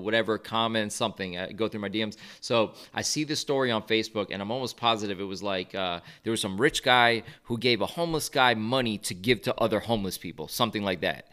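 A man telling a long story in a casual interview, animated and acting out what others said. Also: fairly low pitch, smooth. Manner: animated storyteller, acts out quoted voices. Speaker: guest, video creator.

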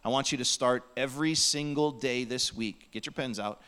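A man's voice: mid-range voice, moderate pace, a bit bright, clean tone. A man preaching a sermon in a church, earnest and pleading, sometimes dropping to a near whisper. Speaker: pastor. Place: church sanctuary.

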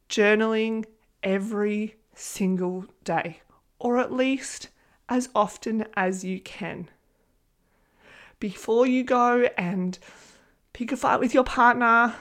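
An Australian woman hosting her own podcast, talking in a chatty, earnest way, animated and swearing freely. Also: medium pitch. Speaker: podcast host and manifestation coach. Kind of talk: casual solo podcast talk.

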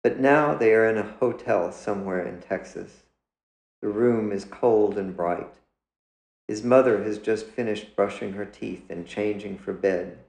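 A man, the author, reading his own literary story aloud in a measured, deliberate way. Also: fairly low pitch, creaky, a little mellow, reverberant, rough recording. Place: indoors.

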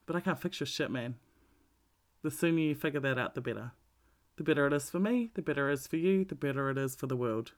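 A woman's voice: extremely low pitch, fast talker. Blunt, swearing woman. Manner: blunt, swears freely, animated emphasis. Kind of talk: casual monologue.

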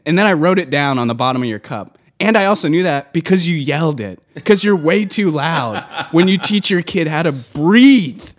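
A man venting loudly in casual podcast chat, worked up and mimicking customers as he rants. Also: fairly high pitch, normal speed. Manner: ranting, animated, mimics customers. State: worked up and loud. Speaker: podcast co-host.

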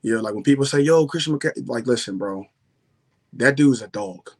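A young man, a former football player, telling stories in a slangy, animated way, saying "bro" and "yo" constantly. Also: medium pitch, moderate pace. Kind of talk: casual storytelling chat.

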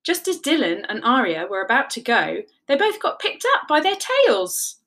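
A woman narrating a children's story, animated and encouraging, leading the listeners in counting. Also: on the high side, moderate pace.

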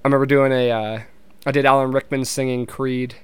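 Brisk and flat in delivery, a young man with a medium-pitched, clean-toned voice gives a casual, rambling monologue. He laughs easily, swears often, and keeps restarting.

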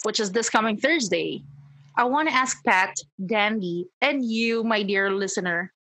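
A woman's voice: mid-range voice, a bit bright, no echo. A young woman hosting a podcast in casual chat, bubbly and enthusiastic. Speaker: podcast host.

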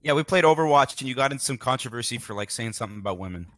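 A man's voice: mid-range voice, animated, very fast, a bit bright, no echo. A man from Canada, a podcast guest joking dryly in casual chat.

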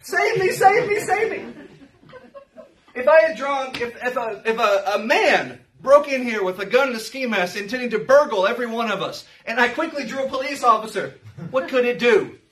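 A man with a fairly high voice leads a verse-by-verse Bible teaching, leaning on rhetorical questions and casual asides. He sounds a little distant from the microphone, as if picked up from across a meeting room. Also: expressive, fairly quick. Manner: conversational, rhetorical questions, voice rising to shouts at times. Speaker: pastor.

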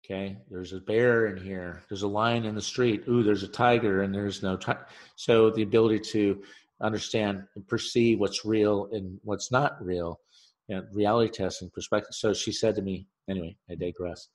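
A man, a relationship therapist, speaking in a podcast monologue, telling an animated story full of asides and repeating key phrases for emphasis. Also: fairly low pitch, normal speed.

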